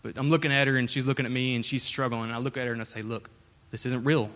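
A man's voice: medium pitch, steady tone, fast, fairly bright tone. Earnest young man preaching a testimony. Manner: earnest, conversational storytelling with frequent restarts. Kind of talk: informal sermon with personal testimony.

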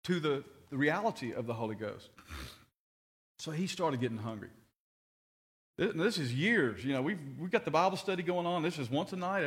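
Earnest preacher man, fairly high voice. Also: a bit bright. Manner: earnest storytelling with many repeated words. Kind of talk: sermon.

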